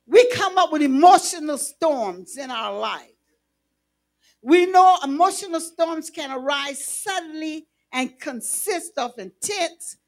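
Woman preacher, very high voice, slow unhurried delivery, sermon. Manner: preaching, rising to shouts.

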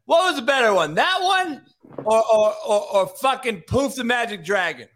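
A very high, lively male voice that swings wildly in pitch. He rants in casual chat, laughing hard and swearing, and his tone is bright and sharp. A faint hiss sits under him. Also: moderate pace. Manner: loud, laughing, profane ranting.

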